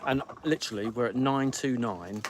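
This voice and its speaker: A man's voice: medium pitch, background noise. Grumpy man pleading for subscribers. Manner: grumpy, theatrical, pleading with viewers; rapid-fire like an auctioneer. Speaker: podcast host on live stream. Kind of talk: casual live-stream chat.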